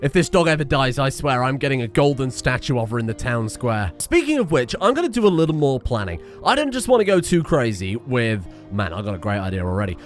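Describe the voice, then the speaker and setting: A man giving chatty, excitable commentary while playing a game, swearing often. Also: medium pitch, a little fast, few pauses, faint music behind. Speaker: gaming streamer. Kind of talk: casual gameplay commentary.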